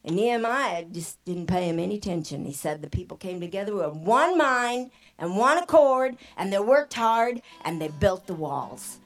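A woman's voice: mid-range voice, lively intonation, moderate pace. A woman giving an exuberant, praise-filled informal sermon at a church conference. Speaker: missionary singer and speaker.

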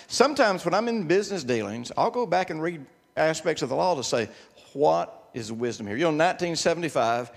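A man's voice: mid-range voice, creaky, in a large hall. An older man preaching a sermon, telling folksy personal stories and repeating words for emphasis.

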